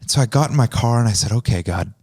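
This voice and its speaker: A man's voice: medium pitch, rapid-fire, darkish tone. A man hosting a casual podcast chat from an office room, telling stories and acting out the dialogue in them. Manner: storytelling, acts out quoted dialogue. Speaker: podcast host.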